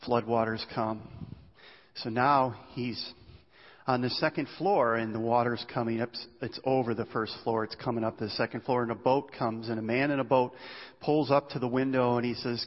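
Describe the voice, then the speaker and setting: Steady in tone, medium in pitch, and moderate in pace, this man is preaching a sermon. He asks his listeners rhetorical questions and tells stories in a conversational way, and the recording sounds dull with a long hall reverb.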